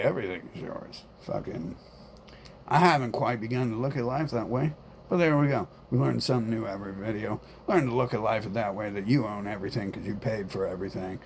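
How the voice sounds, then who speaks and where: In a casual vlog monologue, a man rambles and repeats himself, swearing often in a defiant tone. His voice is fairly low, creaky and darkish, with slight background noise.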